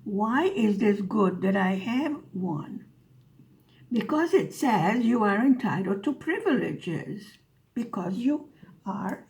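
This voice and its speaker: A woman's voice: mid-range voice, a little mellow. A woman vlogger telling a story in a dry, sarcastic way as she chats over her craft. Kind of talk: casual storytelling while diamond painting.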